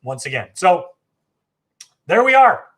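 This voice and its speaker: With a fairly high, slightly bright and sing-song voice, a travel agency host walks viewers through a casual live stream. Loose, chatty and enthusiastic, he often restarts sentences and fills pauses with ums and uhs.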